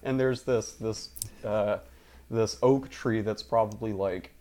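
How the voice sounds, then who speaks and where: A young man co-hosting a casual podcast chat, telling a rambling, halting story full of fillers and swearing. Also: lowish voice, steady tone, dark tone. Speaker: podcast co-host.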